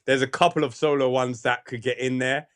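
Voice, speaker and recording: A man chatting casually on a podcast at an average pitch. He recaps things in a relaxed, easygoing way, with plenty of fillers. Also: a little fast. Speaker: podcast guest. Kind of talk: casual chat.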